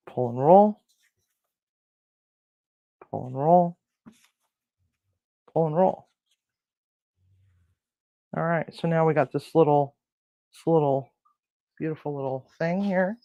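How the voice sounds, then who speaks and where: A man's voice: on the high side, slow, creaky, long pauses, dark tone, no echo, highs cut off. A man hosting a casual cooking demonstration in a kitchen, rambling with crude jokes and lots of fillers. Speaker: cooking show host. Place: home kitchen.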